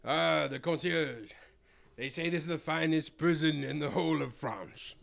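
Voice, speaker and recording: A streamer voicing a pompous, self-important bird lawyer in a low declaiming put-on voice while playing a story game. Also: normal speed, vocal fry, fairly bright tone.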